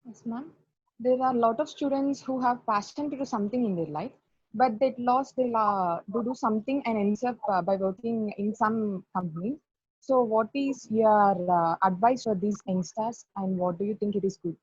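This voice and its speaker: A woman's voice: mid-range voice, normal speed, darkish tone, husky, no room sound. A woman putting a question to a guest as moderator. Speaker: student moderator. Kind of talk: asking interview questions. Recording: dull dry video call audio.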